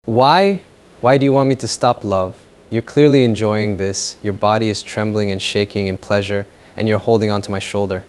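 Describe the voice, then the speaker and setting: A man's voice: fairly low pitch, darkish tone, clear, resonant tone, natural voice. A man playing a possessive, taunting lover. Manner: slow, taunting, mocking. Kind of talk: audio fan fiction role-play.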